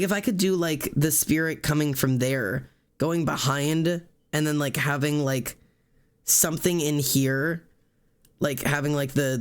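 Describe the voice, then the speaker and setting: A man streaming live, chatting casually while he sketches tattoo ideas, rambling with many fillers and the odd curse. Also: a little high. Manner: rambling, full of fillers and swearing. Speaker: livestreamer.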